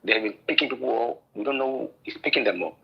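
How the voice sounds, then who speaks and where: A man's voice: medium pitch, fast, creaky, slightly rough. A man with a Nigerian accent in a casual livestream chat, teasing and mock-fearful, often repeating himself. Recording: dull lo-fi line with faint noise.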